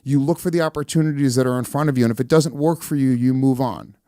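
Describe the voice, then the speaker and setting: A man explaining defensively on a podcast, repeating himself with halting restarts. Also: mid-range voice, fairly even intonation, warm tone, dry recording, studio quality. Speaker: podcast host.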